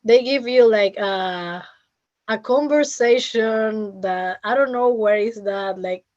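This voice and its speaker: A young woman from Venezuela with a Venezuelan Spanish accent, speaking English as a second language, talking haltingly in a casual interview with many restarts and fillers. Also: mid-range voice, darkish tone. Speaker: interview guest, former student. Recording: muffled lo-fi call audio.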